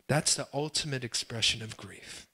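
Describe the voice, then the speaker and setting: Speaking at a normal speed in a mid-range voice with a breathy edge, a young adult pastor delivers a sermon. Passionate swells and pleading cries give way to quiet asides where he pokes fun at himself.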